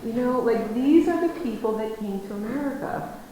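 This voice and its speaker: A woman telling stories in a lecture, animated, acting out conversations and laughing easily. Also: a little high, normal speed. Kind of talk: storytelling lecture. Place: lecture room. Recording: very echoey room, faint noise.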